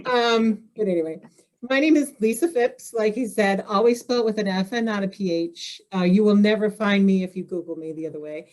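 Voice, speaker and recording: A woman's voice: medium pitch, fairly quick, darkish tone. A woman from Indiana, a guest author on a podcast, chatting casually with self-deprecating humor and frequent laughter. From Indiana, USA. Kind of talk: casual interview chat.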